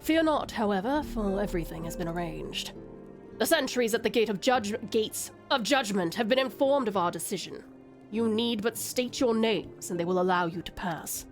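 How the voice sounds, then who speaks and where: A woman voicing a stately, courteous male nobleman with a deep British accent in a game. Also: lively intonation, faint music behind, natural voice. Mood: formal. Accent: British (put on). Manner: formal, measured, reassuring.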